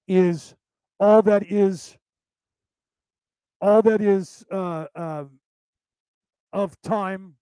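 A spiritual teacher from Ireland who speaks with an American accent gives a casual lecture, rambling, repeating himself and restarting as he walks through things step by step. His high, mellow voice comes through poor audio with no room sound.

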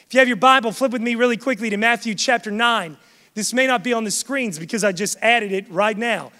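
A man's voice: extremely high pitch, brisk, sharp tone. A man preaching a sermon to a congregation, emphatic and swelling in force. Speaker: pastor. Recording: long hall reverb.

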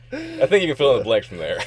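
A young man chatting on a casual podcast, his pitch swinging widely as he jokes around. He keeps breaking into laughter mid-sentence, relaxed and playful. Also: brisk, slight background noise. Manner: giggly, laughs often while telling jokes. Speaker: podcast co-host.

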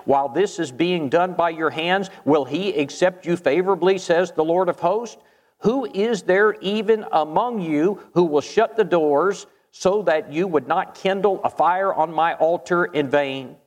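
A man's voice: high-pitched, measured pace, long reverb tail. A man preaching a sermon in an earnest, emphatic way, reading scripture aloud and addressing the congregation.

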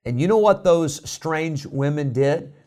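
A man preaching a sermon, emphatic and building to loud exhortation, with a tickle in his throat. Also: fairly high pitch, animated, unhurried. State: throat-clearing, coughing. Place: indoor room.

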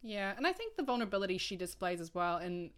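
A woman's voice: medium pitch, big pitch swings, quick pace, fairly bright tone. A woman co-hosting a casual book-club podcast, agreeable and giggly. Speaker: podcast co-host.

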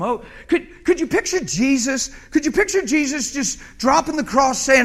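A man's voice: very high voice, lively intonation, normal speed, few pauses. A male pastor preaching a sermon in a folksy, humorous, colloquial way.

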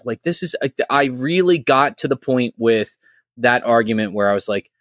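Man, former co-host, casual chat, rambling and animated, mid-range voice, dry close sound. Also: mid-range voice, moderate pace, dry recording. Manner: rambling, animated, swears freely.

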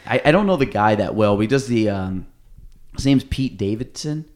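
A man hosting a casual podcast chat in a studio, retelling stories in an animated way with many restarts and quoted lines. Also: fairly low pitch, normal speed. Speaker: podcast host.

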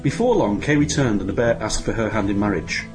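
A man narrates a comic pantomime with sarcastic, grumbling asides and a lively, wide-ranging delivery. Clear music plays under the voice throughout. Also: lowish voice, brisk. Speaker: host and narrator.

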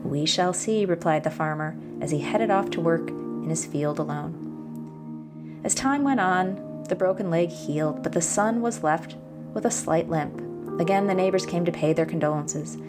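A woman podcast host speaking gently and encouragingly, reflecting and telling a fable, sometimes dropping to a whisper. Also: on the low side, a little slow. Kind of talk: reflective monologue with storytelling. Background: background music.

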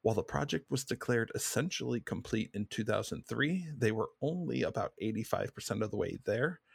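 A man hosting a casual trivia podcast, reading questions in a relaxed, plain way. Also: on the low side, brisk, creaky, breathy edge, dry recording. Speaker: quiz host.

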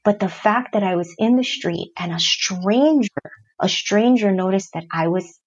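A woman's voice: medium pitch, animated, normal speed, husky. A middle-aged woman, a guest, openly telling a personal story in an interview, earnest and reflective. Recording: dull lo-fi sound.

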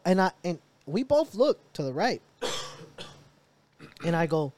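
A young man co-hosting a podcast, slightly higher-pitched than most men. He tells stories in a loose, animated chat style and swears freely. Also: normal speed, long pauses. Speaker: podcast co-host. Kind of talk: casual chat.

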